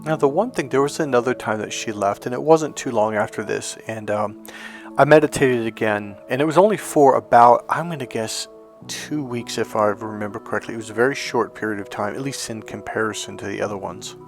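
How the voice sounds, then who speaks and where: A man's voice: lowish voice, a little fast, soft background music. A middle-aged man telling a personal story in a casual, rambling way, full of restarts and fillers. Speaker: life coach and hypnotherapist.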